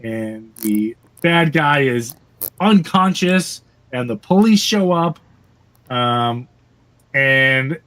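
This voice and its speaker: A man's voice: mid-range voice, animated, drawn-out words, a bit bright. A man casually recapping an old comic book on a podcast, rambling with fillers and laughing as he goes. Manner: rambling, laughing, acts out characters' lines. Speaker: podcast co-host.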